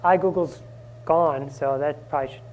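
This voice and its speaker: A man presenting a live conference workshop, energetic and often asking the audience questions. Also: fairly high pitch, normal speed, a little hiss or hum. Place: conference room.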